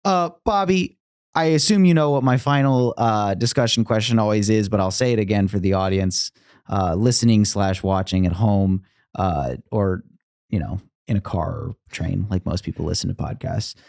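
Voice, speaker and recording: A man's voice: on the low side, normal speed, vocal fry, no echo, studio quality. Laid-back male podcast host. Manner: relaxed, lots of agreeing fillers. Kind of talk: casual chat. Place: recording studio.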